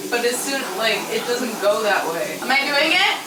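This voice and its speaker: A woman's voice: fairly high pitch, a little slow, background noise. A young woman vlogging in a casual chat, giggling often, swearing casually and gushing. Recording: roomy echoey sound.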